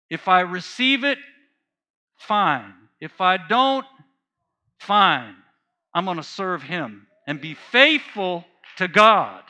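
A man's voice: sits high, sharp tone. A man preaching a sermon, telling a personal story with earnest feeling and repeating phrases for emphasis. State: choked up while reading.

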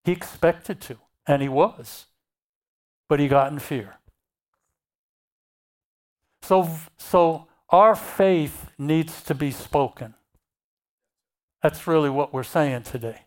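A preacher delivers a sermon at an unhurried, measured pace. Passages of scripture are read aloud and then unpacked, with key phrases repeated for weight. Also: mid-range voice.

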